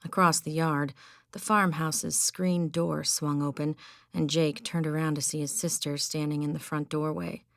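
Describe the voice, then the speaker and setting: A woman narrating an audiobook in a measured, even storytelling manner on a close studio mic. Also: low-pitched, no room sound. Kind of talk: scripted narration.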